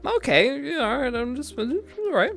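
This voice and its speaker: Lively, bright-toned podcast host. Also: high-pitched, vocal fry, soft background music. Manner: blunt, swears freely, asks rapid follow-ups. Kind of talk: casual chat.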